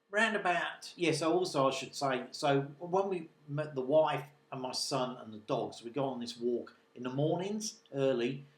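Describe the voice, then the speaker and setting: A man's voice: medium pitch, echoey room. A man and local news journalist telling a casual, rambling story that wanders off into asides. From Britain. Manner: rambling, digressive, chatty.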